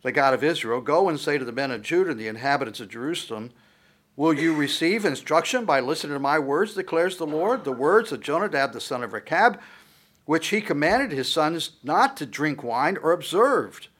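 A man preaching a sermon, retelling a scripture story with lively asides and reading verses aloud with rising emphasis. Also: fairly high pitch, normal speed. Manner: frequent fillers and asides.

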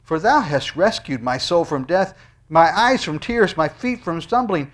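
A pastor preaches a sermon expressively and unhurriedly, reading scripture and closing in prayer. He moves back and forth between loud, high exclamations and hushed, low asides.

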